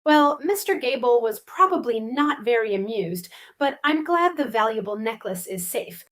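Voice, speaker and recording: A woman's voice: a little high, expressive, moderate pace. A woman co-hosting a lesson for English learners, eagerly asking questions about the story. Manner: curious and eager, asks many questions. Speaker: co-host.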